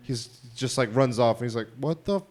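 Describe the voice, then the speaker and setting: A man's voice: mid-range voice, flat delivery, brisk. A man co-hosting a podcast in casual chat, rambling and retelling scenes with quoted voices. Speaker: podcast co-host.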